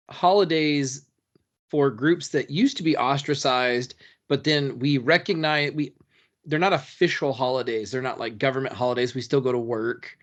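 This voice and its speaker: A man in casual podcast chat, a co-host of middle pitch who thinks aloud as he explains. He rambles a bit and fills pauses with um and like. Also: a bit bright, muffled recording. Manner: thoughtful, rambling explanations with fillers.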